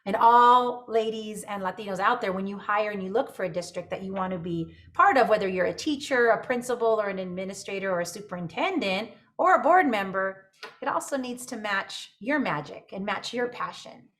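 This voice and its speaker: A woman's voice: medium pitch, expressive, brisk, a bit bright. A middle-aged woman, a superintendent and podcast guest, speaking with upbeat conviction. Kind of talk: casual conversational interview.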